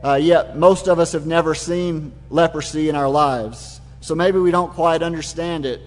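Man preaching, high voice, vivid storytelling, long hall echo. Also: normal speed. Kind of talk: sermon.

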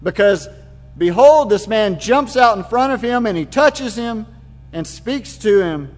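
A man's voice: sits high, expressive, a little slow. A man preaching a sermon, retelling the scene in vivid, imaginative detail. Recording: long hall reverb.

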